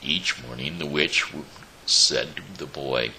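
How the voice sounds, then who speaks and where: A man hosting his show, reading a fairy tale aloud slowly, with small slips and restarts. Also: very deep voice, pushed and bright, slight background noise, low-quality recording. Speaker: show host reading a story. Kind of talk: storybook reading.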